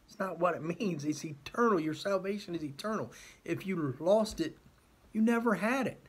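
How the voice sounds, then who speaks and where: A man's voice: high voice, moderate pace, slightly rough. A man giving an earnest, exasperated talk about his faith to his channel's viewers. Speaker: christian youtuber. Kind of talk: impassioned faith monologue.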